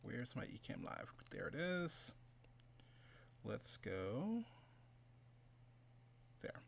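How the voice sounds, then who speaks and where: A man's voice: medium pitch, very animated, very slow, vocal fry, slight background noise. A man hosting an online summit livestream, casual and joking while he chats with a guest. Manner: loose, joking, chatty. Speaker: summit host.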